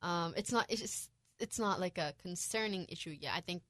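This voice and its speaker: A woman's voice: fairly low pitch, fairly quick, fairly bright tone, dry recording. Giggly young woman co-hosting a podcast. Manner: chatty, giggly, lots of fillers. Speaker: podcast co-host. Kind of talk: casual news chat.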